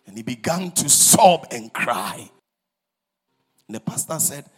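A male preacher telling a story in a dramatic sermon, husky, swinging between shouts and whispers. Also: medium pitch, big pitch swings, slow, pauses often, faint music behind.

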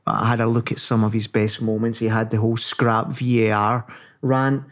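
A man from northern England co-hosting a casual talk show, animated and laughing as he speaks. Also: mid-range voice. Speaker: podcast co-host. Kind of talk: casual conversation.

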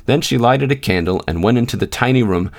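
A man reading a short story aloud in a measured, unhurried narration. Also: mid-range voice, lively intonation. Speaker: podcast host and reader. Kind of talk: scripted narration.

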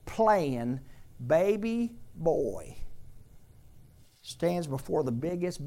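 A man preaching a sermon, retelling a story with lively animation and speaking directly to his congregation. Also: fairly high pitch. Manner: animated storytelling, later drops to quiet earnest appeal.

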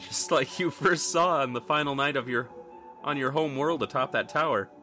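Bright-voiced male game master narrating. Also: medium pitch, moderate pace, soft background music. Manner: second-person, dramatic storytelling. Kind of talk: narrating a tabletop role-playing game.

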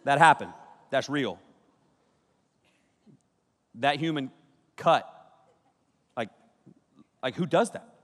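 A man preaching a comedic sermon to young people, telling stories with lots of energy and jumping into high voices when he quotes people. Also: slow pace, long pauses, long reverb tail. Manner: animated storytelling, jumps into high voices for quotes. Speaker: pastor.

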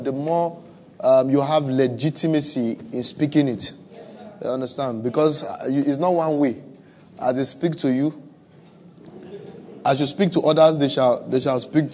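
A male preacher with a West African accent speaks to his congregation in an easy storytelling way. His voice sits in a middle pitch, and he repeats lines for effect. A faint hum of room ambience sits underneath. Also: moderate pace, darkish tone. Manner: conversational storytelling with humor, repeats phrases. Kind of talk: sermon. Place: church with live and online audience.

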